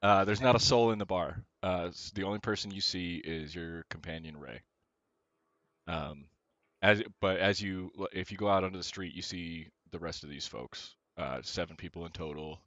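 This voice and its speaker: A man with a deep, low voice runs a tabletop game over voice chat, pausing often with fillers and restarting his sentences. The sound is dry and slightly dull, like lo-fi online audio. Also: fairly bright tone, no echo. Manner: hesitant, many "uh"s and restarts. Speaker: game master.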